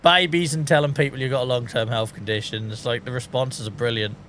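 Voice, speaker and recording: British man, game streamer, casual rant, laughs at own jokes, forceful tone, desk mic. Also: mid-range voice, steady tone, fairly quick, a little hiss or hum. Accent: British English. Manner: laughs often at his own jokes, ranting. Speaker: gaming streamer. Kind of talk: casual live-stream chat.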